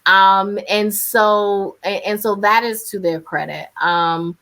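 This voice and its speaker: A woman with a North Carolina accent talks candidly on a video call. Her voice is bright and forceful. She chats freely as an interview guest, laughs easily and is in her thirties. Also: medium pitch, steady tone, slow pace. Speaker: radio journalist, interview guest. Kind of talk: casual interview talk.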